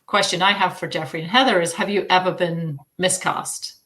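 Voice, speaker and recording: A woman's voice: fairly low pitch, fairly even intonation, normal speed, bright, forceful tone. A woman speaking as an audiobook publisher on an online panel, thoughtful and a little hesitant, with many fillers. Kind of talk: casual panel discussion. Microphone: video call.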